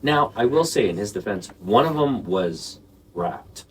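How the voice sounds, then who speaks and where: A man's voice: fairly low pitch, lively intonation, measured pace, distant mic, a little hiss or hum. A man co-hosting a podcast, telling a story in casual chat, swearing, laughing and acting out the people he quotes. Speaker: podcast co-host.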